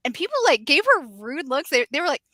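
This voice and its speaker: Chatty Southern-raised woman, bright tone. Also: high voice, big pitch swings, fast talker, no echo. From American South. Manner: chatty storyteller, many fillers. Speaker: co-host. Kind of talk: casual chat.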